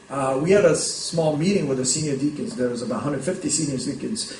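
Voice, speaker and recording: A man's voice: mid-range voice, fast, darkish tone, far from the mic. Man, pastor, conversational sermon, roomy reverberant church hall, faint background hum. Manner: conversational storytelling, frequent "right?" checks. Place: church sanctuary.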